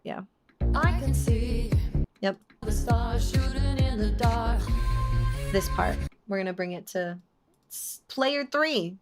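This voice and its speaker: A young woman with a mid-range voice streams live, chatting with her viewers as she works on a song and sings lines to try them out.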